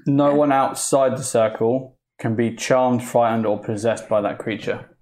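Halting rule-explaining man, lowish voice. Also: darkish tone. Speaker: player. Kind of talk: tabletop game play.

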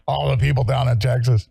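A man from California hosting a talk show, ranting loudly and sarcastically in a combative way. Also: mid-range voice, steady tone, normal speed, creaky, husky, no echo. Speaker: show host. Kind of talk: heated talk-show rant.

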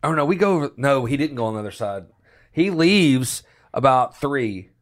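A man's voice: medium pitch, expressive, normal speed. A man telling a story in casual chat with friends, rambling and restarting, swearing and laughing as he goes.

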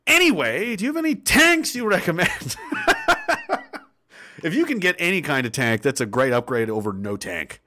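Animated, sarcastic Canadian man ranting. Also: on the high side, moderate pace, background noise. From Nova Scotia, Canada. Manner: sarcastic, animated, swears, laughs often. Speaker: livestream host reading chat. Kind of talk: casual rant reading viewer comments.

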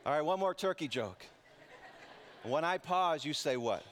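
A male pastor giving a sermon in a relaxed, conversational way, mixing scripture reading with light jokes. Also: fairly high pitch, a little slow, a little hiss or hum. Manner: joking, conversational preaching. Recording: podcast intro over loud guitar music.

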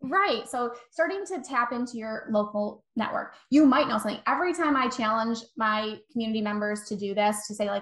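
A woman's voice: on the high side, brisk, hardly any pauses, fairly bright tone. A woman in her thirties, a guest coach giving chatty, encouraging advice and acting out little quoted exchanges. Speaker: guest, virtual assistant coach. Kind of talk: casual podcast interview. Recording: echoey room.

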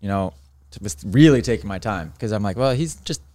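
A man co-hosting a casual podcast, rambling through stories in a fairly flat delivery. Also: on the low side, fairly quick, slight background noise. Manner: rambling, self-described monotone. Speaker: co-host.

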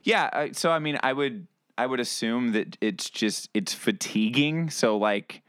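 A man's voice: mid-range voice, measured pace, fairly bright tone, clean tone, no echo, studio quality. A man co-hosting a podcast, chatting casually and animatedly, often laughing and restarting his sentences. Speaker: podcast co-host. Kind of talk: casual chat.

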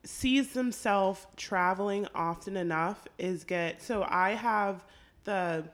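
A woman co-hosting a podcast and chatting casually with friends. She is blunt and swears freely, and she often laughs as she speaks. Her voice sits at an ordinary middle pitch. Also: a bit bright. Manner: blunt, profane, quick to laugh. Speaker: podcast co-host. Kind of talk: casual chat.

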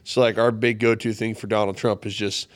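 A man hosting a casual podcast in a fairly low voice, tossing out offhand, opinionated remarks. The recording is dry and close. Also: flat delivery, a little fast, no room sound. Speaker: podcast host. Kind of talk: casual chat.

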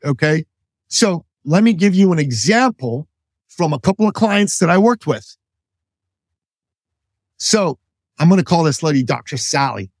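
A man's voice: fairly high pitch, expressive, unhurried, pauses often, no echo, clean studio sound. A man who is an author, a guest on a business podcast, explaining ideas in a confident, upbeat coaching manner. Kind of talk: interview answer, explaining concepts.

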